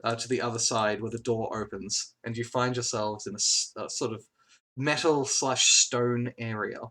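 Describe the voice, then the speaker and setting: A man narrating as game master in a tabletop game, halting with frequent fillers and quick apologies. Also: medium pitch, steady tone, sharp tone.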